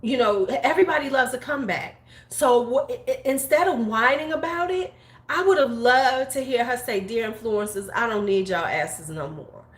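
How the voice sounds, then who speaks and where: A woman's voice: on the high side, normal speed. A woman in her forties, a beauty YouTuber, talking bluntly and profanely in casual opinion chat. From United States. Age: 40s. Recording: roomy echo.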